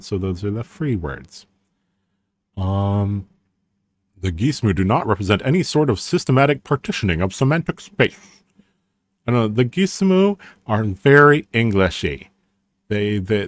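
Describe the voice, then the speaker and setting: A man's voice: lowish voice, no echo. A man giving casual, rambling commentary as he reads through a language reference book, with frequent restarts and a wry tone.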